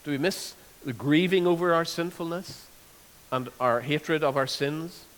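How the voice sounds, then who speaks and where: A man preaching a sermon, earnest, repeating words and slowing down to stress scripture. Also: a little high, fairly bright tone. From Northern Ireland. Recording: long hall reverb.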